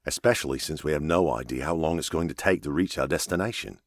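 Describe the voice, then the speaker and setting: Guy doing a doubtful joking pilot, mumbly, super low voice, audiobook. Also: fast, dry recording, clean studio sound. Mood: uneasy. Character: male pilot, wry and doubtful. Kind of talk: audiobook character voice.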